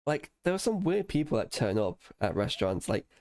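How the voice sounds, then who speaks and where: A man with a mid-range voice tells stories on a casual podcast. His pitch swings widely as he swears freely and acts out other people's lines. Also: fairly quick. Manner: swears freely, lively storytelling, acts out quotes. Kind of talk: casual chat.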